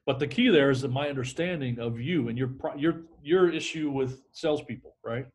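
A man's voice: medium pitch, a little fast, a little mellow. A middle-aged man, a sales trainer, talking energetically in a podcast interview and acting out phone calls.

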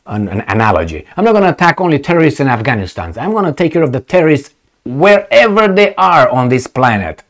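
A man's voice: mid-range voice, very animated, quick pace. A man, not a native English speaker, hosting his own channel in an opinionated monologue, ranting with many fillers and restarts. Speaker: commentary channel host.

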